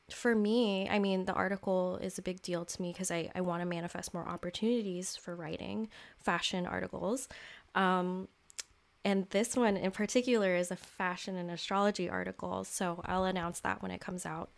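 A woman's voice: medium pitch, vocal fry. A young adult woman hosting a solo podcast, talking casually and openly about her feelings, with lots of "like" and "um.". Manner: casual and candid, heavy use of "like" and "um". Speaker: podcast host. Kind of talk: reflective solo podcast talk.

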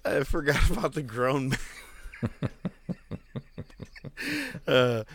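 A man co-hosting a podcast in casual chat, animated and joking, swearing freely. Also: on the low side, normal speed, no echo. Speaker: podcast co-host.

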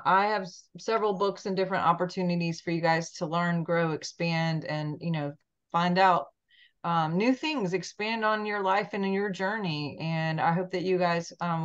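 Gushing woman podcast host on a video call. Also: fairly low pitch. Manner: chatty, gushing, many ums. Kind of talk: casual chat. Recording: dull lo-fi sound.

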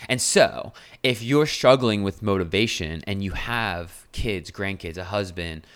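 A man's voice: low voice, a little slow, a bit bright, clear, resonant tone. A man hosting a solo podcast as a health coach, talking bluntly and casually with swearing and fillers.

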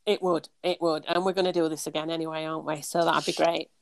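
Lady guest on a chat show, gravelly low voice, agreeable. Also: flat delivery, fast talker, no echo. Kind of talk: casual conversation.

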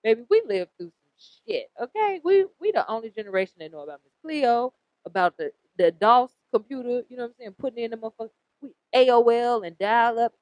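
A woman's voice: a little high, quick pace, no room sound. Blunt, profane woman reading tarot. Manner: blunt, profane, animated, repeats herself. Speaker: podcast host. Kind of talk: casual tarot reading chat. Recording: dull lo-fi recording.

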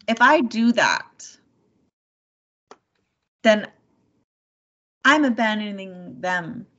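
A woman, a mother, talking candidly about her struggles, halting often and repeating words, with many "like" and "you know" fillers. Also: mid-range voice, a bit bright. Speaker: mother sharing personal struggles. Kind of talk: candid personal conversation. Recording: dull lo-fi sound.

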